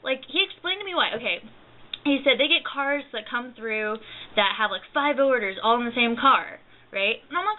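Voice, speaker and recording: Young woman venting hard, cussing a lot, highish voice, sounds like a cheap webcam mic. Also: expressive, moderate pace, phone-quality sound. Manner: profane, indignant storytelling with acted-out quotes. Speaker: vlogger. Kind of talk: angry rant to camera.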